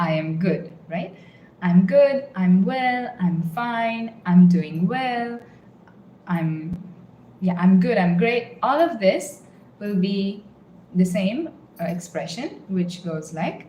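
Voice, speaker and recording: A woman teaching a language lesson, explaining phrases and repeating them slowly word by word. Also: mid-range voice, a little mellow, a little hiss or hum. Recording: roomy with faint ambience.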